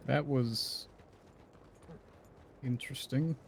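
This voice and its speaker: A man chatting in character with another player during an online roleplay game, dry and deadpan. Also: medium pitch, drawn-out words, vocal fry, slight background noise.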